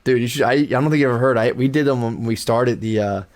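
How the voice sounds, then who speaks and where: A man's voice: medium pitch, fast. A young man co-hosting a podcast in casual chat, rambling with lots of fillers and restarts. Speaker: podcast co-host.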